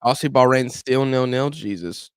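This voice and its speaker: A smooth, mid-range male voice at a moderate pace, dry recording. The young man hosts a football watch-along stream in casual, animated chat with his viewers, adding match commentary and acting out the complaints his fans make about him.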